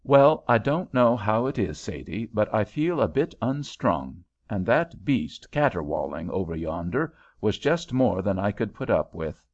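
A man's voice: fairly low pitch, big pitch swings, a little slow, few pauses, darkish tone, heavily acted. A man voicing a nervous, fussy older American aunt with a fretful, folksy way of talking, in a storybook reading. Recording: dull lo-fi recording.

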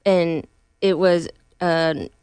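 A woman tells stories in a relaxed, rambling chat. Her voice is smooth and clear. It sounds dry and close, with no room echo. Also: lowish voice, extremely slow. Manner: chatty, says "like" often. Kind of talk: casual chat.

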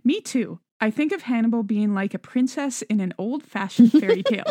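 A woman with a fairly high voice reads listener emails on a podcast and chats about them. She sounds earnest and laughs easily. The recording is dry and close. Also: animated, normal speed, warm tone, no echo. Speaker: podcast co-host. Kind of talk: casual podcast chat, reading listener emails.

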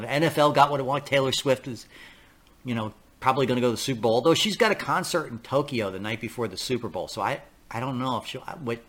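Rambling male podcast host. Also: medium pitch. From New York area. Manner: rambling, repeats himself, acts out quoted voices. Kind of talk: casual monologue.

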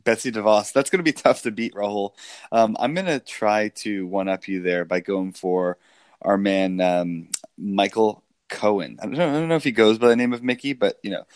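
A man's voice: lowish voice, normal speed, smooth, no echo, clean studio sound. A man co-hosting a podcast, talking in casual political banter and mocking a public figure, with many fillers. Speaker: podcast co-host.

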